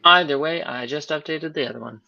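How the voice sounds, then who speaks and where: A mid-pitched speaker from California reports to an online meeting, hesitating often with ums and restarting sentences. The audio is dry and close, with a dull, narrow tone. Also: female voice, brisk, gravelly, pushed and bright, no echo. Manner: hesitant, many fillers and restarts. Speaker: party secretary.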